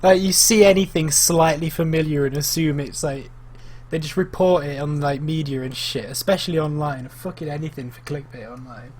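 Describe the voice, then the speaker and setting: A man's voice: fairly high pitch, moderate pace, darkish tone. A young man co-hosting a casual podcast, blunt and dismissive, swearing freely. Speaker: podcast co-host. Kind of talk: casual chat among friends.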